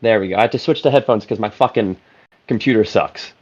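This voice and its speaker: A man's voice: fairly low pitch, fast talker, darkish tone. A man co-hosting a casual podcast over phone earbuds, talking loosely with plenty of fillers. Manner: loose, filler-heavy talk. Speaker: podcast co-host. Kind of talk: casual chat. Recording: dull phone-earbud audio.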